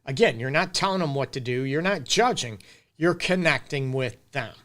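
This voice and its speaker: Middle-aged guy doing live relationship advice, bright tone, chatty and emphatic. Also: mid-range voice, expressive, moderate pace. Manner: casual, emphatic, addresses viewers directly. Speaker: relationship counselor hosting a live Q&A. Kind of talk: live-stream advice talk.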